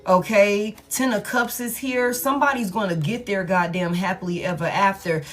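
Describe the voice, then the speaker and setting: A woman giving a casual tarot reading, talking bluntly with lots of swearing and frequent laughter. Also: medium pitch. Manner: blunt, profane, animated, laughs often. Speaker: tarot reader.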